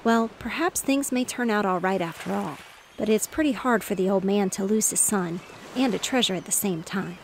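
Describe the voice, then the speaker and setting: A woman reading the part of a cheerful, reassuring father in a bedtime storybook, with a slightly gravelly voice. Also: mid-range voice, moderate pace, slight background noise, lightly acted. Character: cheerful fatherly man, fish merchant.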